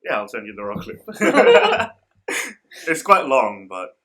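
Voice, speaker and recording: A man's voice: medium pitch, huge pitch swings, slow, a bit bright. A young man, hosting a podcast in casual chat and joking and laughing a lot. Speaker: podcast host.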